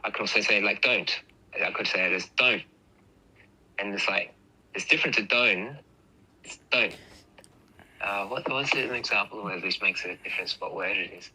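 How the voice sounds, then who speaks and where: A man's voice: lowish voice, fast talker, sharp tone, a little hiss or hum, poor audio. A man casually explaining speech sounds, patiently demonstrating them aloud. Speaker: host.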